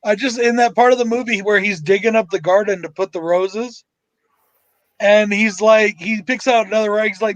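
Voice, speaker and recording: An American man with a high voice jokes and swears through casual chat, often laughing at his own lines. The sound is dry and close. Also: fairly even intonation, normal speed, no room sound. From United States.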